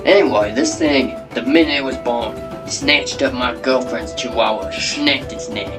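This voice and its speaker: A man plays a brash, boastful Australian breeder of monstrous hybrid animals, bragging like a showman. He speaks at a middling pitch, with guitar music playing clearly behind him. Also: unhurried, natural voice. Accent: put-on Australian.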